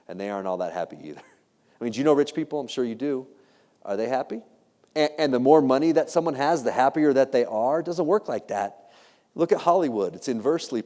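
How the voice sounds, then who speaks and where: A man delivers a motivational keynote on ethics with animated storytelling. He has a warm, mellow voice at a middle pitch and keeps putting rhetorical questions to the audience. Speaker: keynote speaker and ethics teacher.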